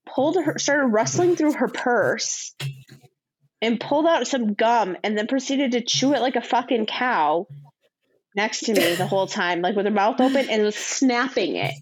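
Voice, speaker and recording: A woman's voice: a little high, moderate pace, poor audio. A woman co-hosting a casual podcast chat, telling stories bluntly and swearing freely. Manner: blunt, swears, animated storytelling. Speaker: podcast co-host.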